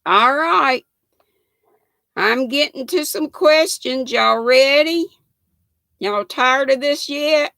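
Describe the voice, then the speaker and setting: An older Southern woman drawls slowly through a chatty live stream, her voice bright and edged with gravelly fry. She greets viewers by name in a homey, folksy way, recorded close and dry. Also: high-pitched, no echo. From North Carolina. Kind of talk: casual live-stream chat reading viewer comments.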